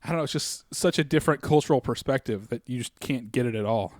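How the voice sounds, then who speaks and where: A man's voice: mid-range voice, fast talker, a little mellow, no echo, studio quality. A man in loose, joking chat as co-host, often trailing off and restarting. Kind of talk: casual comedic chat.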